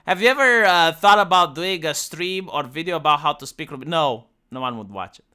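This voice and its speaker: Animated Romanian-accented streamer, bright voice. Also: mid-range voice, a little fast, clear, resonant tone. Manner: rambling, profane, jokey, with frequent fillers and restarts. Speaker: live streamer. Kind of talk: casual live-stream chat answering viewers.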